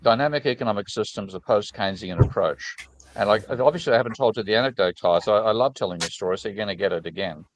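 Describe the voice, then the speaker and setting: A man with a low voice, chatting casually as host and wandering through stories with plenty of false starts. He sounds frank and enthusiastic, recorded close and dry. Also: quick pace, no room sound, poor audio. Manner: rambling, restarting anecdotes. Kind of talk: casual conversation.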